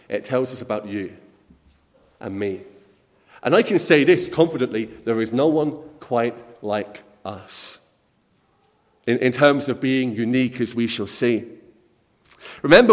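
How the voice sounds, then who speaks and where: A man's voice: medium pitch, darkish tone. A man preaching a sermon to a congregation, speaking earnestly and often repeating his words as he addresses the young people. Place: church. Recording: long hall reverb.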